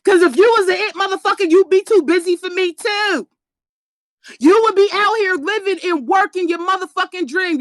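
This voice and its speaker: A woman giving a blunt, profane motivational rant on a live stream, preaching and often shouting for emphasis. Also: very high-pitched, a little fast, no room sound.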